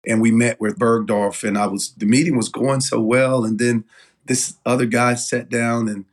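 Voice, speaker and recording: A middle-aged man, an interview guest telling stories in casual chat, animated and full of fillers. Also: medium pitch, moderate pace. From Southern United States. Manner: animated storyteller, lots of fillers. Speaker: guest, denim company owner.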